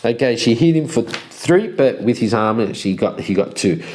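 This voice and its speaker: A man's voice: medium pitch, expressive, moderate pace, a little mellow, a little hiss or hum. A man casually narrating a solo tabletop game, counting out moves and chuckling at the dice.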